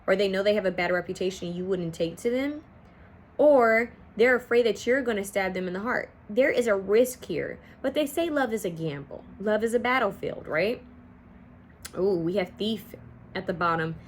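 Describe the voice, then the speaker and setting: A chatty woman reads tarot cards in a loose, rambling way. Her voice sits at an ordinary middle pitch. Faint background noise runs under her home recording. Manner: chatty, rambling, sings song snippets. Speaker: tarot card reader. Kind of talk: casual pick-a-card tarot reading.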